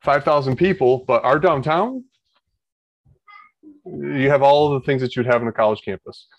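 A man's voice: mid-range voice, normal speed, creaky, no room sound, dull audio. A man, talking in a casual podcast chat, rambling with many restarts. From Ohio, United States. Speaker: guest.

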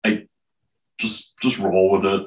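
A man co-hosting a casual comic book podcast, laid-back and halting, with many fillers. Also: low voice, level tone, far from the mic, low-quality recording. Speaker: podcast co-host. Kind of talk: casual chat reviewing comics.

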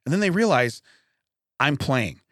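A man's voice: mid-range voice, big pitch swings, a little slow, a bit bright, no room sound, clean studio sound. A man co-hosting a podcast, telling funny anecdotes in a casual chat, laughing often and acting out the voices of others. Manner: laughs often, acts out quoted dialogue. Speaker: podcast co-host.

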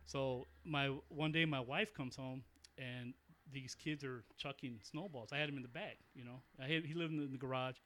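A man in his forties at a middle pitch, chatting loosely and spinning a meandering yarn. He swears often and trips over his own sentences as he goes. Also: steady tone, normal speed, few pauses, bright, forceful tone. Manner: rambling storyteller, profane, many restarts. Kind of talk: casual chat.

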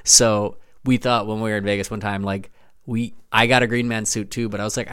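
A man's voice: lowish voice, flat delivery, a little fast, fairly bright tone, clean tone. A man in his thirties co-hosting a podcast, chatting casually and telling stories with enthusiasm. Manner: enthusiastic, laughing storyteller. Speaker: podcast co-host. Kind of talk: casual chat.

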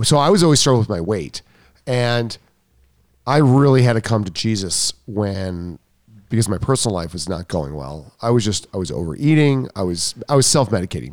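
A man's voice: fairly low pitch, no room sound, studio quality. A man hosting a podcast, chatting in a rambling, joking way and often cutting himself off. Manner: rambling, joking, self-interrupting. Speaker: podcast host. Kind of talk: casual podcast chat.

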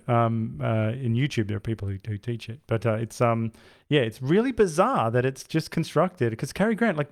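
A man co-hosting a film podcast, rambling casually with frequent restarts and laughs. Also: mid-range voice. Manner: rambling, self-interrupting, laughs often. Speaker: podcast co-host. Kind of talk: casual film review chat.

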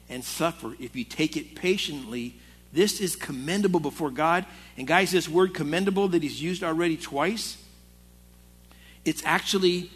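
A man's voice: fairly high pitch, a bit bright, husky. A male pastor preaching to a men's Bible study in a conversational, storytelling way. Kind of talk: sermon. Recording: long hall reverb.

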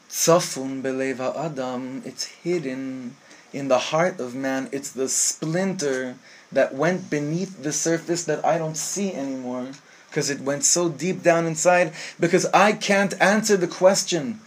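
A man giving an impassioned Torah sermon, teaching rabbinic texts and quoting them aloud, with a husky voice. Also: on the high side, measured pace. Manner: impassioned, mixes Hebrew phrases, acts out angel voices.

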